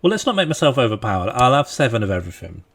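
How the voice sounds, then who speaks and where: A young man chats casually through a game livestream at an ordinary, middling pitch. He is playful and quick to laugh, and he reels off long strings of items in a lively rhythm. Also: slightly rough. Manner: playful, laughs often, rattles off long lists. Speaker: streamer playing a strategy game.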